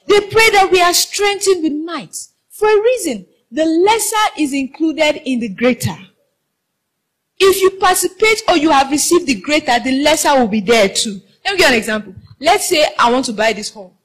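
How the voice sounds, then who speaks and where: Woman preacher, high voice, fervent, sings lines and draws responses from the hall. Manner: fervent, half-sings phrases, calls for responses from the congregation. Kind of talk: sermon. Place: large hall with a congregation.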